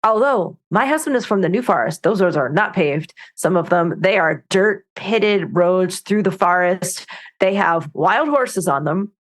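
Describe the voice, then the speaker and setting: A woman author, a podcast interview guest, telling lively anecdotes and often restarting her sentences. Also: fairly low pitch, measured pace.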